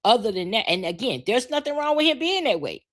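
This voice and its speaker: A woman's voice: a little high, brisk. A woman in her forties hosting a live podcast, ranting bluntly with lots of swearing while reacting to viewer comments. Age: 40s. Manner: blunt, profane, animated rant. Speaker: podcast host. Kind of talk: casual live-stream talk, reading viewer comments.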